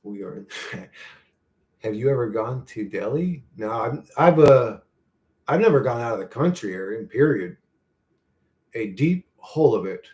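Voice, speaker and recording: A young man ranting profanely on a live stream, reading chat aloud and swinging between loud outbursts and low mutters. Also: expressive, unhurried, long pauses. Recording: echoey room.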